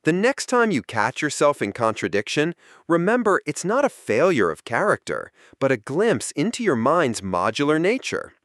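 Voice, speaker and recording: Male narrator, scripted explainer, pitch swinging widely, dry close sound. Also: huge pitch swings, moderate pace, a bit bright, dry recording.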